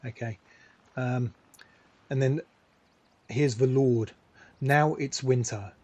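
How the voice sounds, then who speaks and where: A man with a mellow, warm voice and a slightly husky edge reads poetry on a live stream. He muses and wanders between ideas, restarting his sentences and filling pauses with ums. He slows down to read the verses. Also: medium pitch, steady tone. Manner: musing, digressive, with many ums and restarts.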